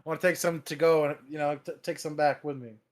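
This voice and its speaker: A man's voice: a little high, fairly even intonation, fairly quick. A man playing a tabletop game, talking in a laid-back, rambling way. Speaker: player.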